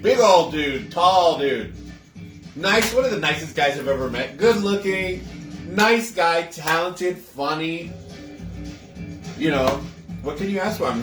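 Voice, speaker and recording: A chatty man hosts a home cocktail livestream, talking straight to his viewers and laughing easily. His fairly high voice swings up and down a lot as he goes. The room is echoey, with faint music playing behind him. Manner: chatty, laughs often, greets viewers warmly. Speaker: host of a livestream cocktail show. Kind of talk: casual livestream chat with viewers. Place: home kitchen.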